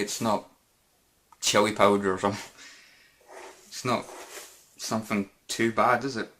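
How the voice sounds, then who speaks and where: A man's voice: fairly low pitch, fairly bright tone. A man hosting a casual Q&A vlog, rambling and hesitant with many fillers and restarts. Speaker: YouTube gaming channel host.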